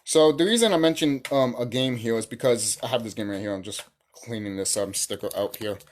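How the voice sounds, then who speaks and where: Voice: mid-range voice, a little fast, darkish tone. A channel host ranting in a casual monologue, profane and heated, repeating phrases and firing off rhetorical questions.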